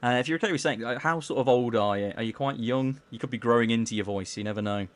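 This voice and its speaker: A man casually chatting on a live gaming stream, reading chat aloud in a mellowed-out, low-key way and tripping over words as he plays. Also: fast talker. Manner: stumbles over words while playing.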